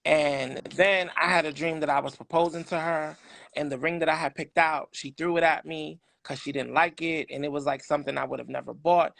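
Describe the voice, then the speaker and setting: A middle-aged man from New York City, a podcast guest telling candid personal stories in an animated, emphatic way. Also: on the high side, vocal fry, no echo.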